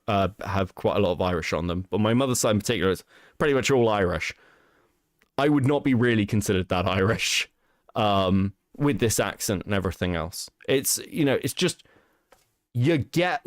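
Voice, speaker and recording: A man's voice: medium pitch, no room sound, clean studio sound. A man co-hosting a casual stream chat, rambling and swearing as he restarts his sentences. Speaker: stream co-host.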